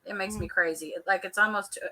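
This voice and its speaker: A woman, co-hosting a casual live chat and telling animated stories to viewers. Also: medium pitch, fast, poor audio. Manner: chatty, animated storyteller, warm toward viewers. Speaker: co-host.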